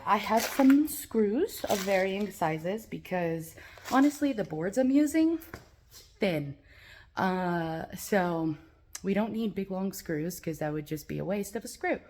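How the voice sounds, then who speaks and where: A young woman talks her way through yard work in a loose, rambling vlog voice, dropping casual swear words as she goes. She sounds a little out of breath from the work, and her pitch sits right in the middle of the usual range. She is recorded outdoors on a handheld camera. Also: darkish tone, slight background noise. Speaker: vlogger. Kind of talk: casual vlog narration while gardening.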